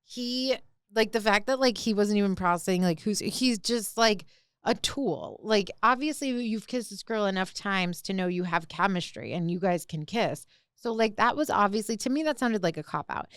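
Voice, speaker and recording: A young woman talks through a reality show with a co-host in loose, animated chat, quoting people as she goes. Her voice is smooth and clear. It sits close and dry on the mic. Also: mid-range voice, moderate pace, no echo. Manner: animated recapping, heavy use of "like". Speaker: podcast co-host. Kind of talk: casual chat.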